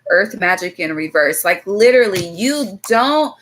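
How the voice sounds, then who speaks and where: Woman, casual tarot reading, blunt and swearing, chatty asides, bright forceful tone, faint background hiss. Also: medium pitch, expressive, a little slow, poor audio. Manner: blunt, swears freely, talks straight to viewers; loose and chatty, drifts into asides. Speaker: tarot reader.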